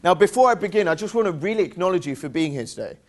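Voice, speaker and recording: A man's voice: sits high, animated, rapid-fire. A man with an English accent giving an interactive motivational seminar, upbeat and playful, drilling his audience with call-and-response questions and teasing jokes. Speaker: seminar presenter.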